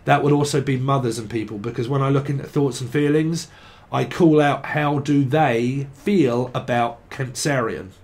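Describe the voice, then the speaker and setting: A man's voice: mid-range voice, normal speed, a little mellow. A man giving a casual tarot reading, rambling and swearing, now and then breaking into sing-song chanting. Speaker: tarot reader. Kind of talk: casual psychic reading monologue.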